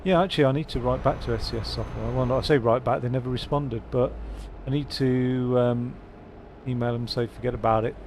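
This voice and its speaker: A man's voice: mid-range voice, fairly even intonation, brisk, background noise. A man rambling casually as he streams a truck-driving game, with self-mocking asides. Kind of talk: casual live-stream commentary.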